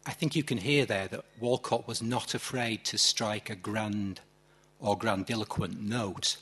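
A man giving measured spoken commentary on poetry, reading quoted lines aloud in a slow, deliberate way. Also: fairly low pitch, steady tone, fairly bright tone, breathy edge.

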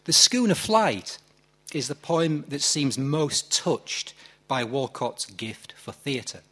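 Slow, husky-voiced man discussing poetry. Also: medium pitch. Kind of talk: measured spoken commentary on poetry.

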